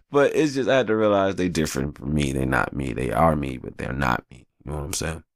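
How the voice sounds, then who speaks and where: Deep gravelly man telling a casual story. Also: a little fast, no room sound, clean studio sound. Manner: animated, profane, slangy storytelling.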